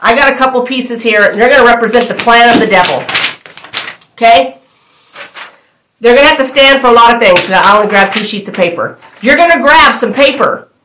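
A woman's voice: on the high side, a little fast, background noise. A woman delivering a prophetic word to her viewers, fervent and repetitive, speaking directly to them with bold declarations. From United States. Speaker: prophetic minister. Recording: echoey room.

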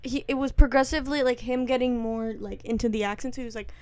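A woman's voice: a little high, steady tone, fast, darkish tone, no room sound. A young woman co-hosting a podcast in casual chat, chatty and playful. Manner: chatty, breaks into jokey put-on voices. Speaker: podcast co-host.

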